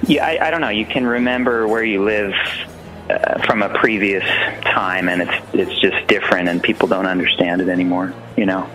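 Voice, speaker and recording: Reflective man with a low voice. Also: steady tone, fairly bright tone, poor audio. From San Francisco. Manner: halting, reflective, many fillers. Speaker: podcast host. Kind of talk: casual chat.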